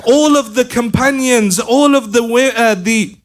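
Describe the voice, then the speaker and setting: A man preacher telling a mournful story in a sermon, slow and chanting, at times half-sung. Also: very high voice.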